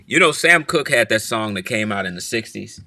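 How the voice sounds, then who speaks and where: Playful man teasing viewers, sharp-toned voice. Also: lowish voice, animated, brisk, slight background noise. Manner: playful, teasing, repeats phrases. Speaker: church leader hosting a livestream. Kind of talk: casual livestream chat greeting viewers. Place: office.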